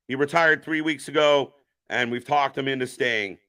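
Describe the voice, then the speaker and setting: Hosting a wrestling watch-party stream, this man talks at a moderate pace in a slightly high, steady voice that's smooth yet pushed and bright. He jokes, swears, wanders off topic, and answers viewer chat.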